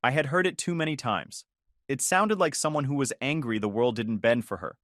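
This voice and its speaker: A man narrating a first-person story in a calm, measured, matter-of-fact way. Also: medium pitch, dry recording, clean studio sound.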